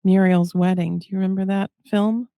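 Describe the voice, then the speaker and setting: A woman co-hosting a podcast in casual chat, wry and quick to joke. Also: mid-range voice, flat delivery, dark tone, clear, resonant tone, no echo, clean studio sound. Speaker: podcast co-host.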